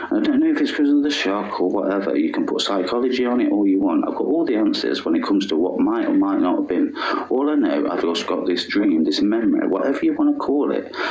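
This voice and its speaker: A man's voice: on the low side, darkish tone. A man tells a personal story in an emotional, rambling way, often dropping to a whisper. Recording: roomy, dull lo-fi recording.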